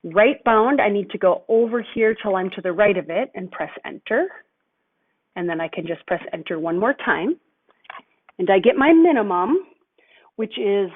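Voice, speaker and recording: A woman's voice: mid-range voice, lively intonation, moderate pace, breathy edge. Woman math teacher, patient step-by-step explainer, thin phone-like sound quality. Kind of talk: recorded lesson walkthrough. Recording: tinny phone-like audio.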